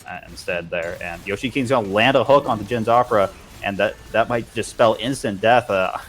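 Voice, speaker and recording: A man with a fairly low voice calls an esports match play-by-play. He talks quickly and keeps stumbling over and repeating words as he follows the action. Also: fairly bright tone, a little hiss or hum. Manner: rapid play-by-play with frequent restarts and repeated words. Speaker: esports caster. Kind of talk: play-by-play commentary.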